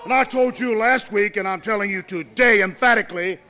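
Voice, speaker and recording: A man's voice: high-pitched, fairly quick, pushed and bright, a faint crowd. A man cutting a wrestling promo as a manager, pompous and commanding, stressing words for effect.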